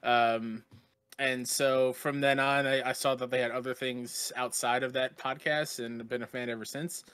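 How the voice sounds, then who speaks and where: A man's voice: medium pitch, flat delivery, moderate pace, a bit bright, smooth, dry recording. A man talking as a guest on a podcast, earnest and heartfelt, from Long Island, New York. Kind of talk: casual podcast chat.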